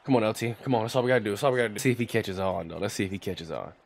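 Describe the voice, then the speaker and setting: A young man giving casual running commentary over a football video game, trash-talking and yelling when heated. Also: lowish voice, rapid-fire, creaky. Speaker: gaming YouTuber. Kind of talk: live gameplay commentary.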